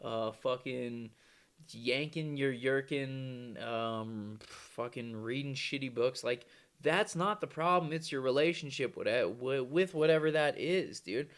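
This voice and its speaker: A man's voice: mid-range voice, unhurried, clear, resonant tone. A man delivering a casual, rambling vlog monologue, swearing freely in a loose, conversational manner. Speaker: vlogger.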